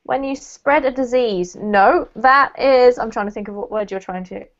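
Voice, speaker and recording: A woman's voice: on the high side, moderate pace. A woman teaching an online English class, patient and encouraging, laughing easily as she corrects pronunciation. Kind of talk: online group English lesson. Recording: lo-fi online call audio.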